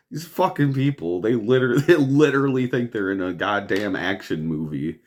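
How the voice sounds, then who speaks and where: A man's voice: on the low side, expressive, normal speed, few pauses. Profane exasperated man ranting. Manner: profane, exasperated, laughs often. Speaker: podcast host. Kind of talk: ranting news commentary.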